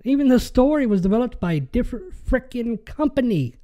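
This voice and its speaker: A man's voice: extremely high pitch, sing-song, brisk, highs cut off. A young man hosting a podcast, ranting in an exasperated way, swearing and tripping over his words. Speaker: podcast host.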